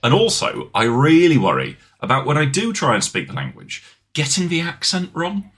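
A man's voice: fairly high pitch, wildly swooping pitch, moderate pace, a bit bright. A man, co-hosting a podcast in casual, rambling, self-deprecating chat. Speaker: podcast co-host.

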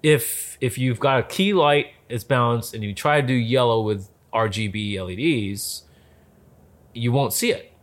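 A man in a casual conversation about film lighting. He tells stories in an animated way, acts out what people said, and often restarts his sentences. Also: medium pitch, unhurried. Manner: animated storyteller, acts out quotes, many restarts. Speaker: lighting specialist guest.

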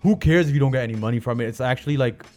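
A man's voice: medium pitch, racing, darkish tone. Slangy Canadian man telling stories. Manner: loose, slangy storytelling with many restarts. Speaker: guest, comedian and chef. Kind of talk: casual interview chat.

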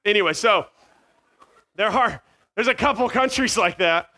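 A man in his forties from Virginia, with no regional accent, jokes with middle schoolers at a youth camp over a headset mic. His high voice is animated, pushed and bright at a normal speed, and he's scattered and self-mocking, jumping from one tangent to another.

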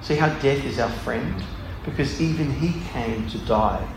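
A man leads an informal scripture talk, reading passages and then explaining them as he thinks aloud. His medium-pitched voice rings in a roomy, echoey space. Faint background noise sits underneath. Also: expressive, measured pace. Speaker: Bible study speaker.

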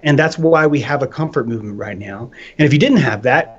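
A man in casual podcast talk, animated and profane, who slips into voices to make his points. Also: medium pitch, a little fast. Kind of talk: casual chat. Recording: dull lo-fi sound.

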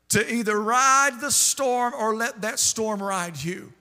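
A man preaching a sermon in a sing-song cadence that climbs into shouts, recorded in a church sanctuary. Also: very high-pitched, slow, few pauses. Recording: long hall reverb.

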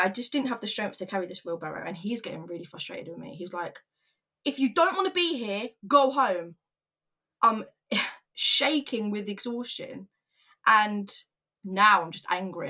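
Young woman, candid personal vlog storytelling, earnest and open, mid-pitched voice. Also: a bit bright. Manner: candid, earnest, emotional retelling with quoted voices.

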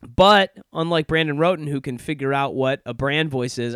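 A man's voice: on the high side, moderate pace, fairly bright tone, smooth, dry recording. Young male podcast host: chatty, self-mocking, sardonic; clean resonant voice, recorded close and dry. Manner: rambling, self-deprecating and sardonic. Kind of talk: casual podcast intro monologue. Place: office in Chicago.

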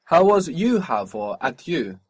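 A man's voice: fairly high pitch, sing-song, measured pace, darkish tone, slightly rough. Patient male language teacher drilling phrases. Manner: patient, repeats each answer back and explains pronunciation. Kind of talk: spoken language lesson, drilling a student.

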